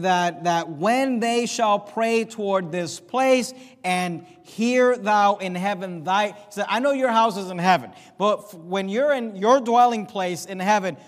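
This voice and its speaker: A man preaching a sermon, reading scripture aloud and explaining it with emphatic pauses. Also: sits high, big-room sound. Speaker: pastor.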